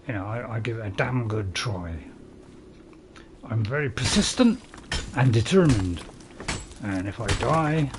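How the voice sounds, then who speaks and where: With a Northern English accent, this streamer from North England rambles chattily through a casual gameplay live stream and laughs at his own jokes. He speaks at medium pitch, and there's a little hiss or hum in the audio.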